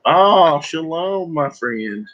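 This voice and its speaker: A man's voice: on the high side, lively intonation, very slow, a bit bright, lo-fi sound. A man hosting a casual livestream while packing books, chatting loosely and joking with viewers and a guest. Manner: joking, rambling, breaks into laughter. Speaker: livestream host. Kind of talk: casual live-stream chat.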